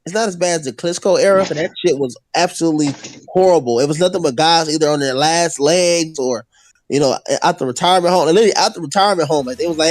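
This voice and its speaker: A man co-hosting a casual boxing call-in show, ranting rapidly and swearing freely. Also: a little high. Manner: rapid, profane, animated ranting. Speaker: podcast co-host.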